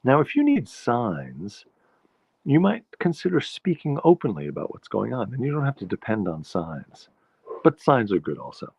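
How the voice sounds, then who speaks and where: A man's voice: medium pitch, huge pitch swings, moderate pace, creaky, a little mellow, slightly rough. A man from the Bronx, hosting a rambling, playful solo monologue full of digressions. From the Bronx, New York. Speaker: podcast host. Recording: dull lo-fi recording, dry.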